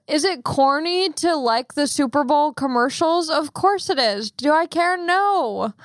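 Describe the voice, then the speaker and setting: Young woman podcaster, quick chatty storyteller, fairly high voice, dry mic. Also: fairly bright tone, no room sound. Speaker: podcast host. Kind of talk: casual chat.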